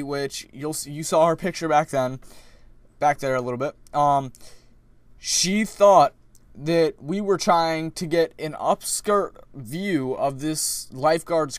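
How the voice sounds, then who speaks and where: A young man vlogging casually, retelling a story in a rambling, animated way with many restarts. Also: a little high, no echo.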